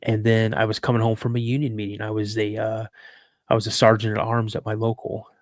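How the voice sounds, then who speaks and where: A man telling an emotional personal story in an earnest, halting way, full of restarts as he fights back tears. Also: on the low side, monotone, no echo, studio quality.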